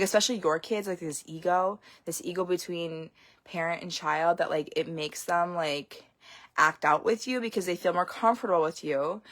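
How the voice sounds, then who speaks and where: A woman's voice: lowish voice, fairly bright tone. A young woman, a homeschooling parent, talking casually in a vlog and rambling frankly with lots of fillers.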